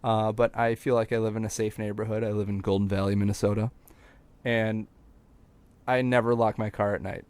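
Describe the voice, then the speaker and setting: A man's voice: on the low side, flat delivery, fairly quick, a little mellow, clear, resonant tone. A young man on a podcast casually telling a rambling personal story, with plenty of filler words and restarts.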